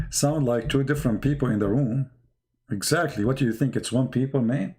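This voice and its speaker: A man giving a mocking, sarcastic commentary monologue in broken, halting phrasing. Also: medium pitch, a little mellow.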